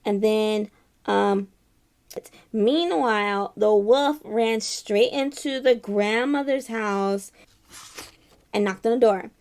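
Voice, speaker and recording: A woman's voice: medium pitch, slow pace, darkish tone. A woman voicing a chatty elephant who reads a fairy tale aloud, full of "like" fillers. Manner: valley-girl "like" filler, chatty. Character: chatty excitable elephant, Dimple. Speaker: storyteller. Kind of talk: casual read-aloud storytime.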